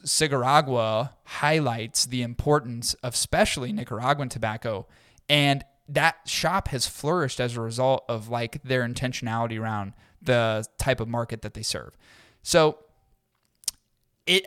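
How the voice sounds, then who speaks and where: A man's voice: mid-range voice, fairly bright tone, clear, resonant tone, no room sound, clean studio sound. A man co-hosting a podcast in casual chat, blunt and profane, mocking people by putting on silly voices. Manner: blunt, swearing, mocks people in put-on voices. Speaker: podcast co-host.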